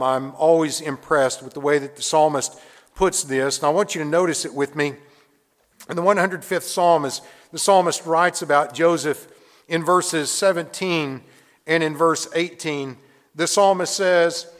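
Earnest preacher in an echoing hall. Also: male voice, a little high, a bit bright. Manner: earnest, measured preaching with scripture reading. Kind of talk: sermon. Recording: long reverb of a large hall.

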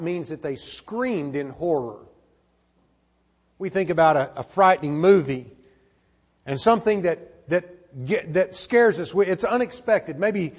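A man's voice: sits high, breathy edge. A man preaching a sermon, earnest, often repeating words as he restarts his sentences. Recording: long reverb of a large hall.

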